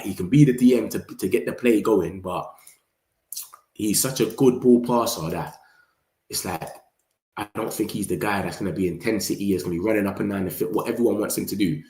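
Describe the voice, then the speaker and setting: A man's voice: fairly low pitch, a little mellow, echoey room. A man hosting a casual football fan vlog, chatty and full of slang, talking straight to his viewers. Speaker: football fan channel host.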